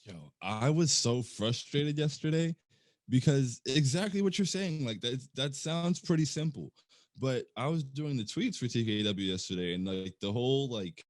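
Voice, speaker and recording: A man co-hosting a sports podcast, ranting in an animated, exasperated way. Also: mid-range voice, moderate pace, dry recording. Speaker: podcast co-host. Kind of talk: casual sports chat.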